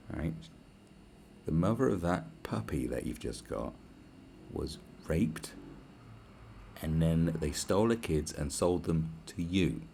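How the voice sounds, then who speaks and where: A man's voice: low-pitched, a little mellow, a little hiss or hum. A man, hosting a podcast in a crude, blunt, rambling solo rant full of swearing and sarcasm. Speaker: podcast host.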